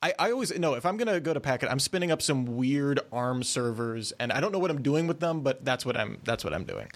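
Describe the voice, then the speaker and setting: A man hosting an interview podcast, asking questions casually and pausing often with fillers. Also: medium pitch, big pitch swings. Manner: hesitant, many fillers and restarts. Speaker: podcast host.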